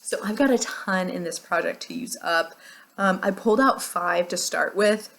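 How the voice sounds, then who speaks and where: A woman's voice: fairly low pitch, moderate pace, a bit bright. An American woman talking casually through a beauty project, chatty and rambling with frequent laughs. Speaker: beauty vlogger. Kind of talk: casual product chat.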